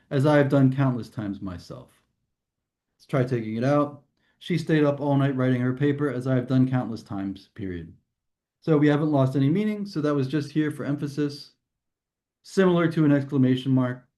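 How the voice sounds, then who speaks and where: Casual male tutor, mellow voice. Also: fairly high pitch. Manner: explanatory, casual with fillers and restarts. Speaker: test prep tutor. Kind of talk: recorded grammar lesson.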